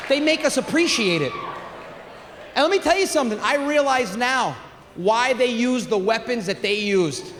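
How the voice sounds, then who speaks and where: A high-voiced middle-aged man performs stand-up on a theater stage, loud and animated. His voice rings through a hall with long reverb, and faint room noise sits behind it. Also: a little fast. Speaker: stand-up comedian. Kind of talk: stand-up comedy set. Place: theater stage with live audience.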